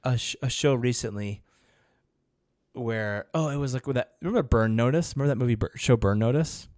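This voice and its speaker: A man's voice: mid-range voice, brisk, a little mellow, dry recording, clean studio sound. A man co-hosting a podcast in casual chat, peppering his talk with "like". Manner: chatty, heavy use of "like". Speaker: podcast co-host.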